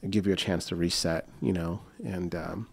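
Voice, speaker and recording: A man's voice: low voice, steady tone, moderate pace, gravelly. A young man telling a rambling story in casual chat, with many fillers and restarts, acting out the voices of the people in it. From United States. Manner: acts out quoted voices. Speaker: guest.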